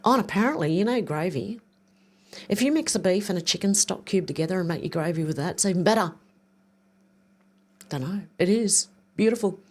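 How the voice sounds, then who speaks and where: An older woman chats on her livestream in a loose, rambling way. She reads viewer comments aloud and thinks out loud while she clicks around. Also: fairly low pitch, expressive, fairly quick, pauses often. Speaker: livestream host. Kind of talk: casual livestream chat reading viewer comments.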